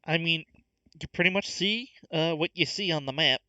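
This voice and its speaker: Dude running the game, chill and halting, kinda high pitch, dry sound. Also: male voice, pushed and bright, smooth, dry recording. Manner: casual, laughs often, halting. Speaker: game master. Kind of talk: narrating a tabletop game.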